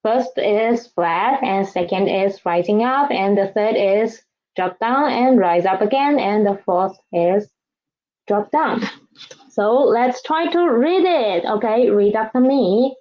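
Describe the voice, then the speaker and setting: A woman's voice: mid-range voice, lively intonation, takes it slowly. A woman teaching a beginner Chinese lesson, whose first language is Vietnamese, patiently modeling and exaggerating each tone for learners to repeat. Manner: patient, exaggerates tones when modeling sounds. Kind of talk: slow, deliberate language lesson with repeat-after-me drills. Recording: slightly dull, lo-fi recording.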